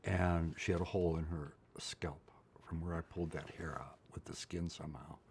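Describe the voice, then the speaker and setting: A man's voice: deep voice, fairly even intonation, moderate pace, darkish tone, slight background noise. An older man from Pennsylvania, telling his life story in an interview, blunt and emotional, often checking in with "right?". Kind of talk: candid personal storytelling.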